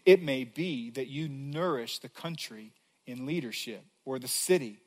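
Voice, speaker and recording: A man's voice: medium pitch, unhurried. A man preaching a sermon as a pastor, earnest, reading scripture aloud with building emphasis.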